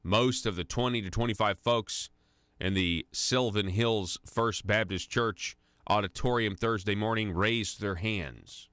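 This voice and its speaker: A man's voice: on the low side, unhurried, fairly bright tone, clean tone, no echo. A man hosting a conservative talk radio show, delivering an indignant, sarcastic monologue full of restarts into a studio microphone. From United States.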